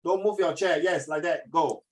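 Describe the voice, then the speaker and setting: A man coaching a student one-on-one for an oral exam, blunt and animated, mixing in Mandarin words. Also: a little high, normal speed. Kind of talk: one-on-one tutoring.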